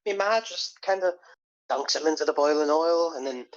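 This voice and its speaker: A woman's voice: deep voice, normal speed, lo-fi sound. A woman chatting and joking with friends while they play a game. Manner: laughing, puts on an exaggerated Irish accent in bits. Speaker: player. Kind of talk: casual group chat while playing a game.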